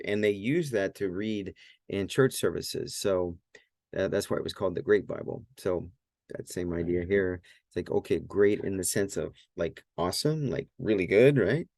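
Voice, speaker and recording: A man's voice: deep voice, normal speed, a little mellow, dry recording, clean studio sound. A man teaching Greek at a whiteboard in a casual, thinking-aloud way, with many fillers and self-corrections.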